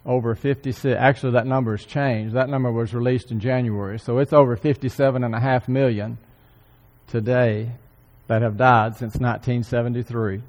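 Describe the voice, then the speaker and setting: A man delivers an earnest sermon at a mid-range pitch. He repeats key phrases for emphasis and keeps clearing his throat. His voice carries a long hall reverb, as in a church sanctuary. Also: steady tone, moderate pace, a little mellow. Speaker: church speaker.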